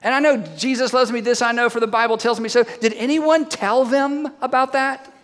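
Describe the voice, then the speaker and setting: A man's voice: extremely high pitch, steady tone, normal speed, a bit bright. A man preaching a sermon as a pastor, telling the story animatedly and firing rhetorical questions at the audience. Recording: long hall reverb.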